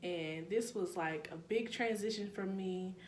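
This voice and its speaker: A woman's voice: medium pitch, measured pace. Chatty young woman with a New Orleans accent. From New Orleans, Louisiana. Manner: chatty, laughing asides, addresses viewers as y'all. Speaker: YouTuber. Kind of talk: casual vlog chat. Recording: echoey room with faint hum.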